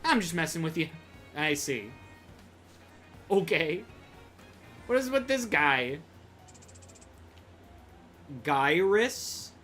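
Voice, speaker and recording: A man's voice: on the high side, animated, extremely slow, long pauses, sharp tone, soft background music. A man streaming a video game, chatting with viewers and joking about what he sees. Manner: jokey, chatty, greets chat. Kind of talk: casual gameplay commentary.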